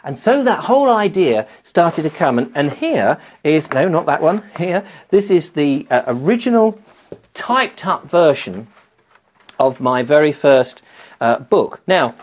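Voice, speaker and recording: A middle-aged man, a children's author, chatting to camera in a rambling, animated way. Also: on the high side, measured pace. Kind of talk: casual talk to camera.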